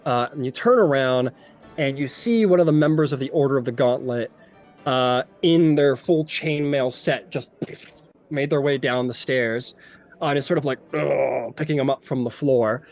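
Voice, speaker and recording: A man's voice: medium pitch, moderate pace, a little mellow, faint music behind. A man running a tabletop game as game master, rambling and descriptive with many fillers.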